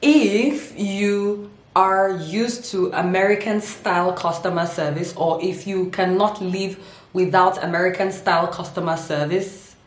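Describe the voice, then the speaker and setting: A woman's voice: on the low side, a little slow, reverberant. Playful, laughing woman vlogger. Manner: playful, laughs often, dramatic emphasis. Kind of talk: humorous casual vlog.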